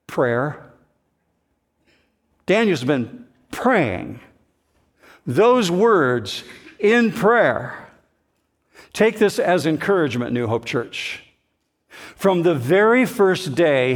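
Slow, emphatic male preacher. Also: a little high. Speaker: pastor. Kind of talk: sermon.

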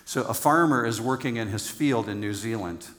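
A middle-aged male pastor delivering a sermon in a mid-pitched, easygoing voice. He talks to the congregation like he's chatting with friends, with gentle teasing. He leans on repeated words and slows down on the phrases that matter. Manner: conversational and playful, teasing the congregation.

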